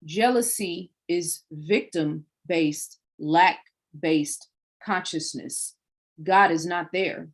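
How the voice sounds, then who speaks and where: A woman's voice: fairly low pitch, extremely slow. A woman hosting a livestream, delivering a preachy monologue full of rhetorical questions. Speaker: livestream host.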